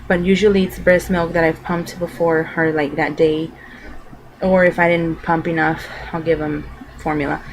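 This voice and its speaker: A woman's voice: deep voice, flat delivery, normal speed, a little hiss or hum, rough recording. A young adult woman vlogging, telling a personal story to camera in a loose, rambling way full of filler words.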